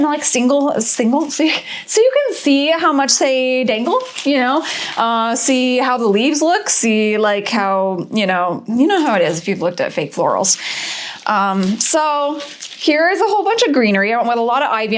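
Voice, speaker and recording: A woman craft vlogger chatting casually and excitedly, often laughing at herself, a little out of breath. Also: fairly high pitch, slight background noise. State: a bit out of breath. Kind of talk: casual shop-with-me vlog chat.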